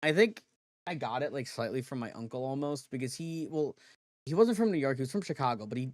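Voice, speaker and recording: A man livestreaming in relaxed casual chat, rambling and correcting himself as he goes. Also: mid-range voice, brisk, no echo, studio quality.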